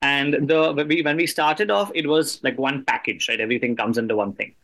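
A man hosting an interview, speaking earnestly and a little haltingly as he sets up his questions. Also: mid-range voice, fairly bright tone. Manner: earnest, a bit halting with restarts. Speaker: host. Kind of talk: interview host, conversational.

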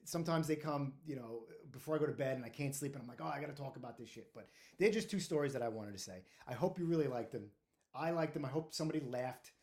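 A middle-aged man, a retired firefighter, telling stories casually, animated, laughing often and swearing freely. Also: mid-range voice, fast talker. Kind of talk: casual storytelling to camera.

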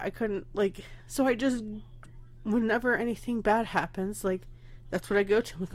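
A woman's voice: medium pitch, fairly even intonation, normal speed. A young adult woman hosting her own podcast, talking candidly and rambling, pregnant and emotional, close to tears, with nervous laughs. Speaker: podcast host. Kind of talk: casual personal podcast.

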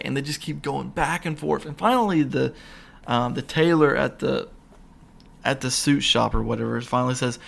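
A young man hosting his own podcast, rambling excitedly with lots of fillers and restarts. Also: mid-range voice, normal speed, vocal fry. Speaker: podcast host. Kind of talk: casual solo podcast rant. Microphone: single mic, podcast.

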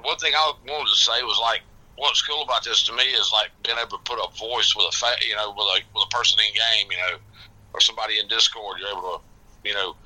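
A man with a Southern US accent, a podcast co-host speaking in a halting, hesitant way. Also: fairly low pitch, steady tone, sharp tone, rough recording. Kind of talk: casual podcast chat.

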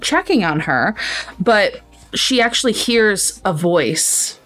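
A woman's voice: mid-range voice, slow pace, faint music behind. Chatty woman retelling a plot. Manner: animated retelling with acted-out quotes. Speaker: podcast co-host. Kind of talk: casual book discussion.

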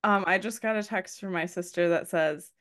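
A woman co-hosting a podcast in casual chat, giggly and quick with short reactions. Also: fairly low pitch, fairly bright tone. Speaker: podcast co-host.

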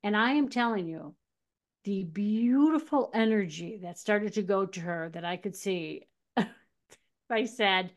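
A woman's voice: medium pitch, takes it slowly. A woman co-hosting a podcast, telling personal stories in casual chat, acting out quotes and laughing as she goes. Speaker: podcast co-host. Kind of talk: casual conversational storytelling.

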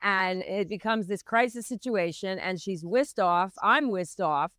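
On a podcast interview, a middle-aged midwife earnestly and intensely recounts her own difficult birth story. Her voice is medium-pitched and a bit bright, at a measured pace. The studio sound is clean, with no room sound.

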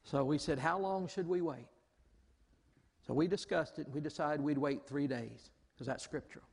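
A man preaching a lively storytelling sermon in a large church hall, exclaiming often and acting out the people he quotes. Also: fairly high pitch, moderate pace, vocal fry, husky. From Southern United States. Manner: animated, exclaims often, acts out quoted voices. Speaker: pastor. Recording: long hall reverb.

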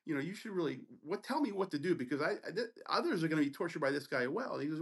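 A middle-aged man telling a story on a podcast in a casual, animated, profane way, acting out the people in it. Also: a little high, fast talker, few pauses. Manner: animated, profane, acts out voices in his story. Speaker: podcast co-host.

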